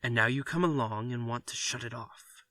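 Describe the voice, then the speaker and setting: A man voicing a frank, calm advisor giving blunt counsel in a story reading. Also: medium pitch, no echo, close to an everyday voice. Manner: measured, blunt advice. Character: calm, frank family doctor friend.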